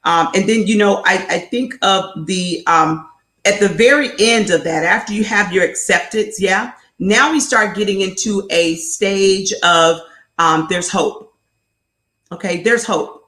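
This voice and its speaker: A woman's voice: mid-range voice, unhurried, fairly bright tone, echoey room. A woman hosting a live motivational talk as a life coach, emphatic and repetitive, driving each point home and mixing in faith-based encouragement.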